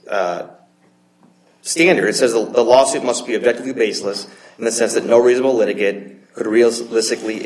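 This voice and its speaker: A man, an attorney, arguing an appeal before judges in measured, hedged legal phrasing with frequent restarts. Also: on the low side. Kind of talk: courtroom oral argument. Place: courtroom. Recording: roomy courtroom echo.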